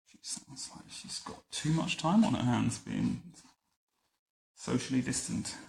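A man reading a picture book aloud to a child at home, adding wry, deadpan comments between the lines. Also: medium pitch, a little slow, gravelly. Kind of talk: bedtime story reading with joking asides. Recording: roomy echo.

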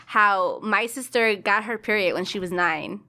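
A woman's voice: mid-range voice, a little slow. A woman co-hosting a podcast, chatting casually. She tells family stories with animation and slips into the voices of the people she quotes. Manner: animated storyteller acting out family conversations. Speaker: podcast co-host. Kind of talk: casual chat.

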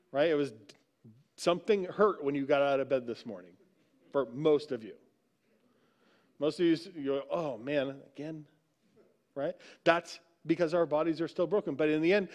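High-voiced man preaching conversationally. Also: darkish tone. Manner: conversational preaching, frequent "right?" asides. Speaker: pastor. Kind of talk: sermon. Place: church sanctuary.

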